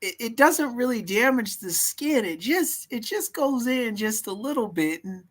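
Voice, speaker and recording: A man's voice: extremely high pitch, lively intonation, unhurried. A man with a Californian accent chatting on a stream, rambling through goofy stories. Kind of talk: casual chat.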